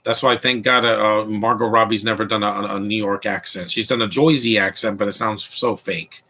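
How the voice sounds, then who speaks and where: A man's voice: fairly low pitch, steady tone, brisk, sharp tone. A man hosting a casual movie commentary podcast, talking in an opinionated, rambling way with frequent restarts.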